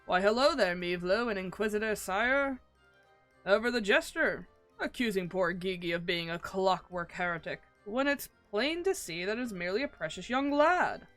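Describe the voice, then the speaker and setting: Woman reads a theatrical, pompous male inspector; big proclamations, animated delivery. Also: medium pitch, moderate pace, faint music behind, natural voice. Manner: grandiloquent, old-fashioned proclamations. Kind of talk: reading game dialogue aloud.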